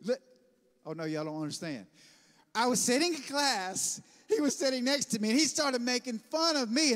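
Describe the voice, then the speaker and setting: A man, preaching a sermon as pastor and telling stories in an animated way, calling the congregation for amens. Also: very high-pitched, moderate pace. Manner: animated storytelling, bursts of loud laughter; preacher who calls for amens. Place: church sanctuary. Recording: long church-hall reverb.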